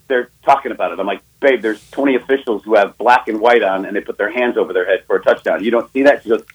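A betting analyst on sports radio tells a story quickly and emphatically, acting out both ends of a phone call. His mid-range voice is slightly rough.

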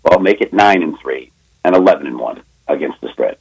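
Husky-voiced man telling a sports story. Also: extremely low pitch, animated. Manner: fast, emphatic, acts out phone call voices. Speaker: sports betting analyst guest. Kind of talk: animated sports radio storytelling.

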